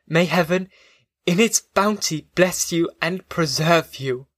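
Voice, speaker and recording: A man voicing a resigned, gentle young woman prisoner in an audiobook, reading her lines softly and pleadingly. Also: fairly high pitch, normal speed, no echo, studio quality, close to an everyday voice. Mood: tender.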